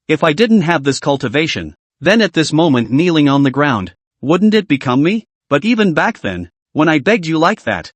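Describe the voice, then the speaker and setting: A man's voice: a little high, dry recording. Man voicing a cold vengeful emperor. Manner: cold, scornful.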